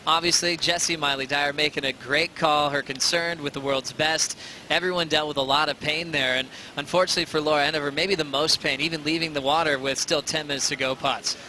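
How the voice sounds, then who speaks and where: A man's voice: fairly high pitch, fairly even intonation, fairly quick, bright, forceful tone, slight background noise, low-quality recording. A man hosting a post-show sports broadcast, polished and steering the talk with questions to his analysts. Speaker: host.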